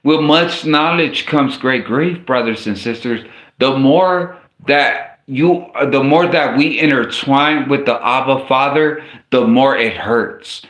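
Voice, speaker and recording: A man delivers a relaxed, informal sermon, his talk loose and slangy and full of restarts. He speaks at an unhurried pace in a middle pitch. The voice rings in an echoey room. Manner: casual slangy, stumbles and restarts often. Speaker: preacher. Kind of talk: informal sermon with bible reading.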